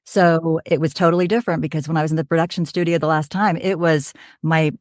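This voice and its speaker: A woman in her fifties from Oklahoma talks in a low, chatty voice. She tells her story in an animated, casual podcast manner. The sound is dry and close. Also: fast, no echo. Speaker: voiceover artist, guest.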